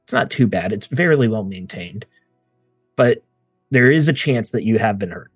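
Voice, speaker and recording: Man narrating as a relaxed game master. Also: lowish voice, breathy edge, no echo, soft background music. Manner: relaxed, thoughtful narration with frequent "uh" pauses.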